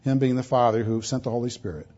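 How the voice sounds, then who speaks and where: A man's voice: mid-range voice, steady tone, quick pace, mellow. A man preaching a sermon, emphatic and full of rhetorical questions, pressing his points hard. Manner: emphatic, rhetorical questions, shifts pace for stress. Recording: dull lo-fi sound.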